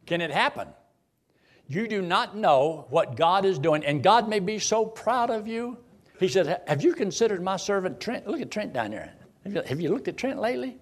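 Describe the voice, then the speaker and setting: A man preaching a sermon in a dramatic, folksy style, firing off rhetorical questions. His voice runs high and swings widely, rising and falling for effect. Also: very animated, moderate pace.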